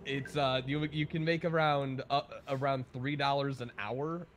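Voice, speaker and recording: A man's voice: mid-range voice, steady tone, a little hiss or hum. Joking man chatting on a livestream. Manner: joking, quick, loose. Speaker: livestream guest. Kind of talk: casual chat.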